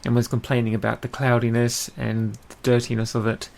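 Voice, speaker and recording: A man's voice: mid-range voice, flat delivery, a little fast, creaky, a little mellow. A man with an Australian accent co-hosting a casual podcast, chatty, with lots of ums and frequent laughs. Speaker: podcast co-host. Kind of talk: casual chat.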